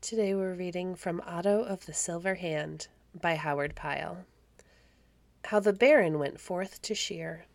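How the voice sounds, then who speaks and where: Gravelly low-voiced woman reading a story. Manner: calm, measured storybook reading. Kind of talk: scripted narration.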